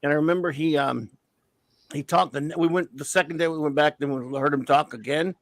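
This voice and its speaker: A man chatting among friends in an easy, casual way. His voice sits a little higher than most men's. The sound is dry, with no room echo around it. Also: fairly even intonation, brisk. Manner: breaks into sung cartoon theme songs and impressions. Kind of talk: casual chat.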